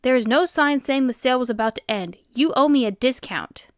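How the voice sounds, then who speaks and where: Woman reading an angry entitled shopper; clear, higher voice, dry sound. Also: brisk, no room sound, natural voice. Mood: demanding. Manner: shouting, demanding. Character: furious entitled woman customer.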